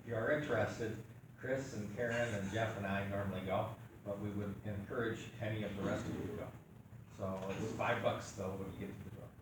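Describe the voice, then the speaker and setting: A man making relaxed club meeting announcements, halting with fillers. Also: on the low side. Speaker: club officer. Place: meeting room. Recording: very echoey room from far off, noise.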